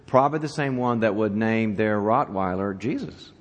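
A man doing a deadpan talking parrot. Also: lowish voice, normal speed, long reverb tail, dull audio, natural voice. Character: smug talking pet parrot.

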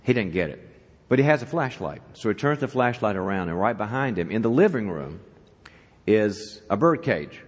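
Animated male speaker in a reverberant hall. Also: lowish voice, moderate pace. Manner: animated storyteller, asks the audience questions. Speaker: guest speaker at a church leadership event. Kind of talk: conference talk opening with a joke.

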